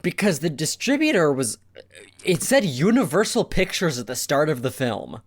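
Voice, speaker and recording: A man co-hosting a casual movie review podcast, sarcastic and quick to laugh. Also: a little high, sing-song, husky, no room sound, studio quality. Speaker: podcast co-host.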